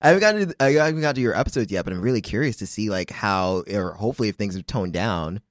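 A man co-hosting a casual comedy chat, animated and laughing, swearing freely. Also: on the low side, very fast, no echo, clean studio sound. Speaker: co-host.

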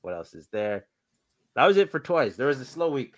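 A man hosting a podcast, chatting in a relaxed, rambling way about toy figures and trailing off with fillers. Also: medium pitch, moderate pace. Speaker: podcast host. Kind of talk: casual chat about toys.

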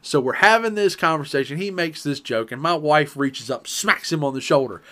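A man's voice: fairly high pitch, animated, normal speed, bright, forceful tone. A man on a casual podcast telling a family story, acting out the quotes and laughing often.

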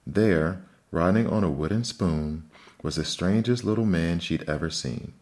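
A man narrating fairy tales in a measured, expressive storybook reading. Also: low-pitched.

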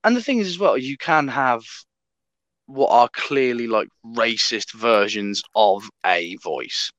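A man's voice: mid-range voice, lively intonation, takes it slowly, fairly bright tone, no echo. A man in casual podcast chat, talking emphatically and swearing freely.

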